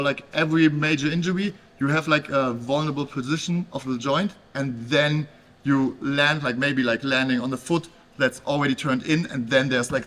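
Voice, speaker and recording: Man, coach demonstrating on a partner, halting fillers, slightly high voice. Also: fairly bright tone. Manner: explains while demonstrating, halting with fillers and restarts. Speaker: grappling instructor. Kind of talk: casual technique instruction.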